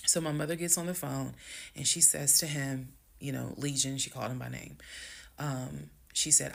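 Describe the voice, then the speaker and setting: Woman with a gravelly, creaky voice for a storytime vlog; casual, speaks straight to viewers, heated and emphatic. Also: very deep voice, fairly even intonation. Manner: emphatic, swings loud and fast when heated; addresses viewers as "y'all". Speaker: storyteller recounting her marriage.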